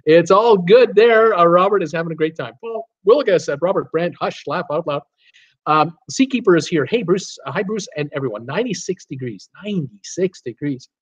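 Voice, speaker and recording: Casting note: man from Canada, stream host reading viewer chat, chatty and rambling, fairly high voice, dull lo-fi sound. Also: expressive, fairly quick, husky. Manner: chatty, reads viewer comments aloud with many fillers. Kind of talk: casual live-stream chat.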